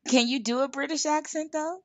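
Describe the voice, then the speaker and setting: A woman's voice: high voice, fairly quick, no echo. A woman podcast host interviewing a guest, playful and teasing as she coaxes her along. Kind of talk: casual interview.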